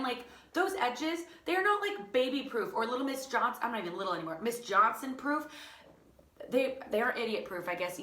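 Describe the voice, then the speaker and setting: Bright-voiced woman telling a story. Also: fairly high pitch, roomy sound. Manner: animated, lots of fillers, laughing through the tale. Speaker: teacher and channel host. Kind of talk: casual personal storytelling.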